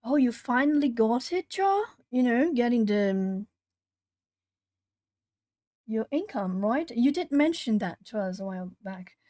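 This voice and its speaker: A woman with a fairly high voice chats casually on a live stream, reading comments and answering viewers by name. Her voice is close and dry, with no room sound behind it. She often trails off and restarts, then perks up when she retells a story. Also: unhurried, long pauses, dry recording. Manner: chatty, talking to chat while colouring; animated when retelling stories. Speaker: YouTube art channel host. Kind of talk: casual livestream chat.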